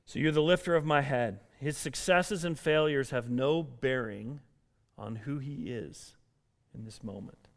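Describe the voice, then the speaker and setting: A man preaching a sermon in an earnest, emphatic way, building up in intensity and then dropping low. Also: measured pace. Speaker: pastor.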